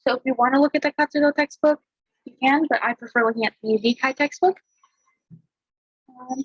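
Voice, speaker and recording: A woman tutoring a language lesson over a screen share in a relaxed, chatty way, talking through examples. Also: high voice, dry recording, dull audio. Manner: relaxed, chatty explaining with fillers and small laughs.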